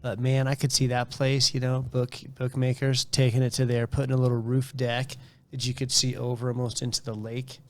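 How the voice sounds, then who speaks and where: A man's voice: mid-range voice, monotone, brisk. Rambling, jokey male co-host. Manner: jokey, rambling, laughs often. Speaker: podcast co-host. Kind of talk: casual chat. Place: indoors.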